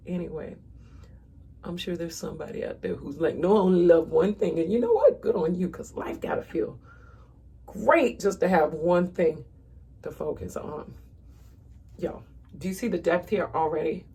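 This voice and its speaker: A woman's voice: low-pitched, vocal fry, darkish tone, slight background noise. A woman in her thirties chatting casually to viewers while she walks through a makeup tutorial at home. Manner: chatty, talks straight to viewers as "y'all". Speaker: makeup vlogger.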